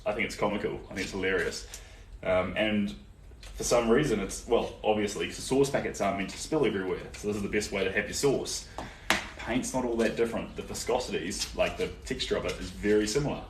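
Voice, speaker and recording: A young New Zealand man with a fairly low voice talks in a relaxed, chatty way, with plenty of ums as he works. He answers viewers during a live painting stream in his studio. The sound is roomy and a little distant, with faint noise underneath. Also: brisk. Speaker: artist livestreaming a painting session. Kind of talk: casual live-stream chat while painting. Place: indoor art studio.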